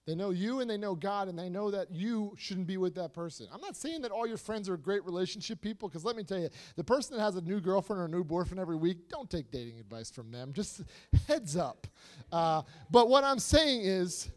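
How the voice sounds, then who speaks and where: A man preaching to a youth group, animated and repetitive, swinging between soft asides and loud emphasis with lots of rhetorical questions. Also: sits high, fairly quick. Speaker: youth speaker.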